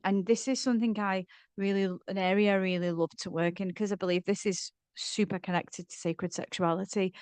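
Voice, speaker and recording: A woman's voice: mid-range voice, clean tone, no room sound. A middle-aged woman coaching on relationships, talking earnestly to camera and often repeating words as she starts a sentence. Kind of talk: casual advice talk to camera.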